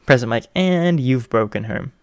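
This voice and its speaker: A man voicing a loud, brash male radio host who exclaims and jokes wryly. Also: medium pitch, animated, normal speed, vocal fry, no room sound, studio quality.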